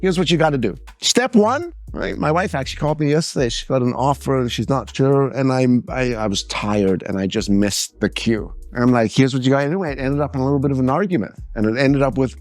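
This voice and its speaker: A middle-aged man giving a seminar talk, lively and animated, acting out anecdotes and mimicking other people's voices. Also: mid-range voice, fairly quick, few pauses, no room sound. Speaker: speaker.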